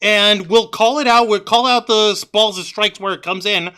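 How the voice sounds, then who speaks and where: A man co-hosting a wrestling review podcast, ranting loudly with plenty of profanity. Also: sits high, moderate pace, clear, resonant tone. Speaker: co-host. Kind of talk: casual wrestling review chat.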